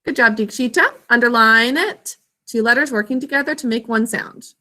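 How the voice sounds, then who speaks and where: A woman teaching a spelling lesson in a high voice with a crisp, bright edge. She draws each word out slowly, sounding out its syllables. She keeps calling on the class to repeat after her. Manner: slow, drawn-out enunciation of words and sounds; call-and-response prompting.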